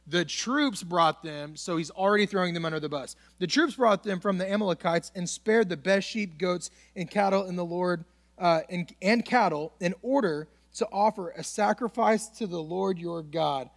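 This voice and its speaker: A young male pastor with a fairly high voice gives a loose, conversational sermon. He reads scripture aloud and acts out the lines of the story, talking to his listeners like friends. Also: moderate pace. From United States. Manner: casual, conversational preaching, dramatizes Bible dialogue. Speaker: student pastor.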